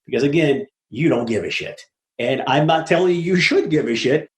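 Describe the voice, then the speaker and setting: This interview guest is a middle-aged apartment syndicator with a voice on the high side and a fairly quick delivery. In casual conversation he tells stories animatedly, bluntly and with profanity, acting out quoted voices. The recording sounds echoey.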